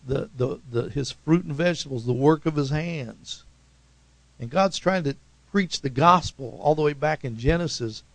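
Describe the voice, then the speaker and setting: Man, Oklahoma accent, pastor preaching a sermon, emphatic and conversational, gravelly voice, dry close sound. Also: no echo, rough recording. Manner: emphatic, conversational preaching with sudden swings in pitch and loudness.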